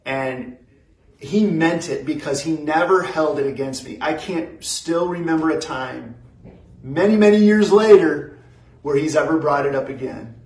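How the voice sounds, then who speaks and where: A man preaching a sermon in a slow, measured way, repeating phrases and pausing often. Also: a little high, animated, darkish tone, reverberant, far from the mic, low-quality recording. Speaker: pastor.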